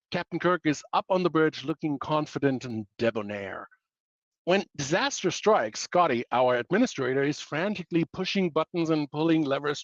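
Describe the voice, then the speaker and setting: A man's voice: on the high side, no echo, muffled recording. A man presenting a webinar in a playful way, packed with pop-culture analogies and self-mocking asides.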